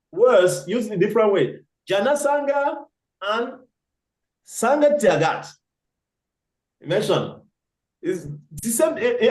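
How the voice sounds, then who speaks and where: A man's voice: high-pitched, a little mellow. A man teaching a scripture class, who quizzes his students and repeats key words for emphasis. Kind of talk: class lecture. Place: temple hall. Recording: echoey hall.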